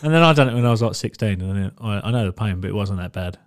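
A man's voice: fairly low pitch, animated, very fast, heavy background noise. A man co-hosting a podcast, telling a rambling, sweary story and laughing through it. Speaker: podcast co-host. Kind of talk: casual storytelling chat.

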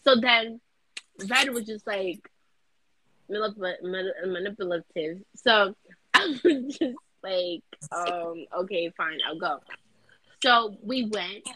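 A woman's voice: medium pitch, takes it slowly, pushed and bright, poor audio. A young woman co-hosting a casual podcast, telling a story in a rambling way, stumbling and repeating her words. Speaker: podcast co-host.

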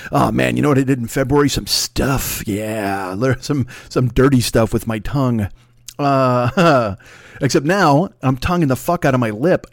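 A man hosting his own podcast in a rambling, profane, self-mocking monologue that runs fast and loose. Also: medium pitch, no echo, studio quality. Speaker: podcast host.

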